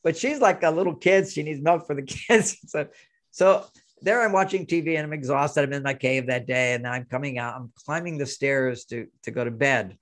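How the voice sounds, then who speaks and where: An older man, a relationship expert as interview guest, telling animated anecdotes and acting out both sides of the dialogue. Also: on the high side, moderate pace. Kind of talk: conversational storytelling interview.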